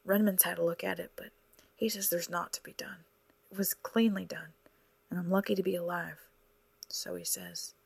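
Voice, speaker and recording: A woman reading a weary, wounded young man who speaks tersely in a rough, clipped way. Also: lowish voice, expressive, normal speed, dry recording, heavily acted. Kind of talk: audiobook character reading.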